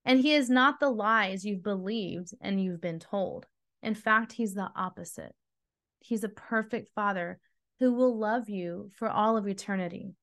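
A woman's voice: mid-range voice, a little slow, fairly bright tone. A woman hosting a devotional teaching, earnest and emphatic, speaking straight to her listeners. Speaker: podcast host and Bible teacher.

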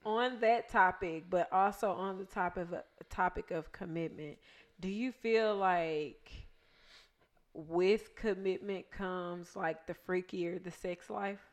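A woman talking openly in a casual conversation, direct and quick to laugh. Her voice sits somewhat low for a woman. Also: fairly even intonation. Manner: frank, direct, laughs easily. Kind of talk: casual chat.

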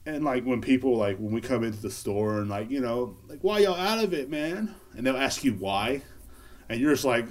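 A man's voice: mid-range voice, fairly quick. A man hosting a casual solo podcast, rambling and joking with lots of swearing and filler words. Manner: rambling, joking, profane, laughs at own bits. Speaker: podcast host.

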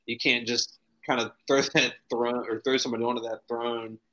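A man's voice: medium pitch, little pitch movement, moderate pace, bright, forceful tone, rough recording. A man co-hosting a sports podcast, chatting casually in an easygoing, joking way. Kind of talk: casual chat.

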